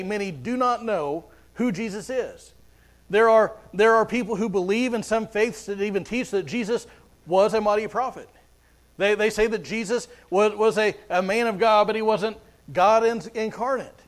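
A man's voice: high voice, normal speed. A man preaching a sermon as pastor, earnest, often repeating words as he goes.

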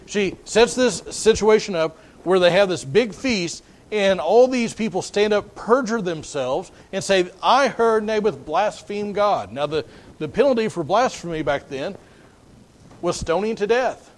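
A man with a notably high voice preaches a sermon, retelling the story as if chatting with his listeners. His delivery is folksy and loose, and he often restarts his phrases mid-thought. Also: animated, unhurried.

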